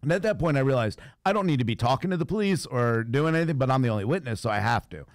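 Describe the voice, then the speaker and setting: Man, casual storytelling host, lively pitch, dry sound, laughs often. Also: very fast, no echo. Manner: animated, acts out voices in his stories, laughs often. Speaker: radio show host.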